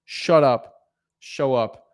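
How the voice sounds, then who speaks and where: A young man giving casual motivational advice as a real estate coach, animated, often repeating and restarting words. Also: mid-range voice, slow pace. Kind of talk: casual motivational vlog talk.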